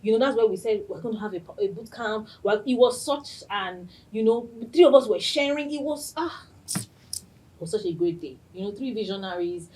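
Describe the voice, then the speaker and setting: A woman hosting a podcast, telling a personal story in an excited way and laughing often. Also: medium pitch, normal speed, slight background noise, poor audio. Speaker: podcast host.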